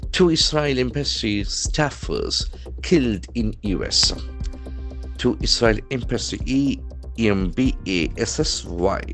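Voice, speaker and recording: A man's voice: mid-range voice, animated, takes it slowly, a bit bright, soft background music. A man with an Indian English accent giving an English vocabulary lesson from the news, spelling words out letter by letter and repeating each one with heavy stress. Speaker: English trainer.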